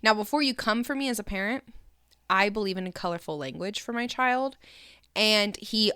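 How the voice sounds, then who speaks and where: A young woman, a mother, chatting with her sister on a podcast and telling animated stories with lots of giggling. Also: mid-range voice, moderate pace, clean tone, no echo, studio quality. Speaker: guest, host's sister. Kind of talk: casual chat.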